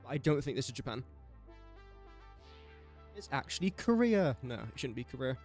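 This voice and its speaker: A man's voice: mid-range voice, sing-song, normal speed, darkish tone, faint music behind. A young English man casually commentating his own live game stream, chatty and self-mocking, muttering guesses as he plays. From England. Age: young adult.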